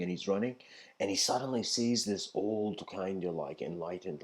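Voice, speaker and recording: A man's voice: deep voice, moderate pace. A man giving an informal philosophy lecture, rambling and laughing often, acting out the voices in his stories.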